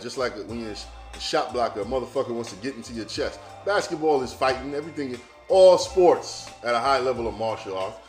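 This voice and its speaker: An animated man holds forth in a casual podcast monologue, cursing freely and talking straight to his listeners. His voice sits at an ordinary middle pitch. The room is echoey and faint music plays underneath. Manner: loose, profane and animated, addressing listeners directly. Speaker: podcast host.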